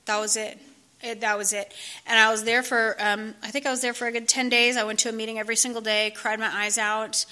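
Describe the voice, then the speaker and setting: A woman's voice: fairly high pitch, flat delivery, brisk, sharp tone. A woman telling her personal recovery story to a group, conversational, with many fillers and restarts. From California. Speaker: speaker sharing recovery story.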